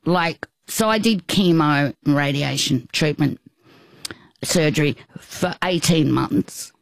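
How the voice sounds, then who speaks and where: A woman in her fifties, a guest telling a personal story in casual, halting, reflective chat. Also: on the low side, vocal fry, no room sound.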